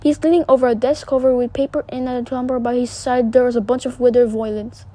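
A woman reading the lines of a gentle, pleading male statue prince in a fairy tale, earnestly and with some stumbles. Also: a little high, level tone, fast, close to an everyday voice.

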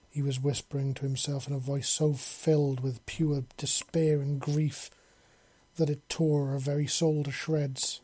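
Flat, husky storybook narrator. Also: medium pitch, unhurried, dry recording. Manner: flat, steady delivery with coarse words. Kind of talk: audio story reading.

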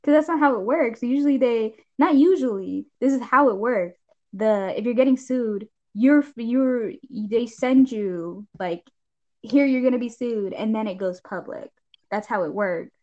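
A young woman co-hosting a podcast, rambling through casual gossip in an animated way. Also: on the high side. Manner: rambling, animated, quick shifts into shrieking impressions. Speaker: podcast co-host. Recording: dull lo-fi sound.

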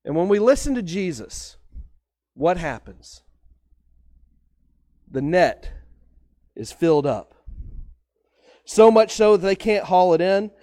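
A man's voice: sits high, big pitch swings, slow, pauses often, dark tone, no echo, studio quality. A pastor, preaching a conversational sermon with stories from his own life. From Texas.

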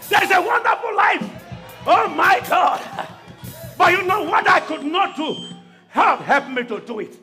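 During a church service, a man with a very high voice preaches a shouted call-and-response sermon to the congregation, pausing for their replies and breaking into tongues.

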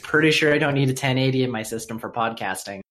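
A man's voice: mid-range voice, a bit bright. Hesitant Canadian male co-host. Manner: halting, stammering restarts. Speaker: podcast co-host. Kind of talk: casual chat.

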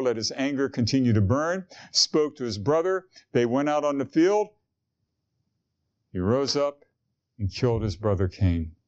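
A man's voice: mid-range voice, dull audio. A man preaching a sermon in an earnest, conversational way, asking his listeners questions. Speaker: pastor.

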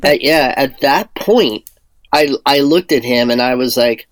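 A man tells stories as a guest in a casual interview, voicing the people he quotes with lively energy. His voice sits at a middle pitch. The recording is dry and close, with no room sound. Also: a little slow, dry recording. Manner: animated storyteller who acts out quoted dialogue. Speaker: guest, sorbent product entrepreneur.

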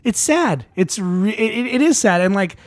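A man co-hosting a casual movie talk, animated and laughing often as he acts out quotes. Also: sits high, normal speed, dry recording. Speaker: podcast co-host.

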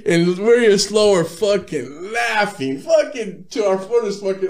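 A man's voice: sits high, expressive, a little slow, few pauses. A man, a rapper guest in his thirties, telling profane, laid-back stories with frequent laughs in a casual interview.

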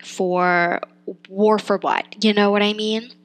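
A young adult woman talks through a film review in a loose, chatty way. She thinks out loud, trails off into fillers and laughs at herself, at a middle pitch for a woman. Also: level tone, slow pace, poor audio. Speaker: podcast host reviewing a film. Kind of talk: casual spoken film review.

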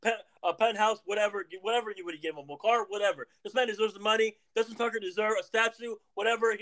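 High-voiced hyped man. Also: fairly even intonation, fast talker, fairly bright tone. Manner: hyped, repeats himself, says bro. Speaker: podcast host. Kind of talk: casual sports chat.

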